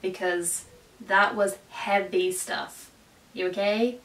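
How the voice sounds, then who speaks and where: A woman's voice: mid-range voice, fairly even intonation, takes it slowly, a bit bright. A young woman giving chatty, self-mocking advice to camera in a vlog. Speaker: vlogger. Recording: echoey room, mic at a distance, faint music.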